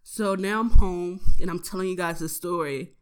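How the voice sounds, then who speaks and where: A young woman, a college student, tells a profane story about her day in a casual audio diary, animated and laughing as she goes. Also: lowish voice, normal speed, clear, resonant tone. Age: young adult.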